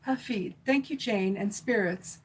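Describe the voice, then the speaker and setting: A woman's voice: mid-range voice, a little slow, slight background noise, poor audio. A middle-aged woman doing a live stream tarot reading, chatting loosely and reading out viewer comments with fillers and restarts. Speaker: tarot reader.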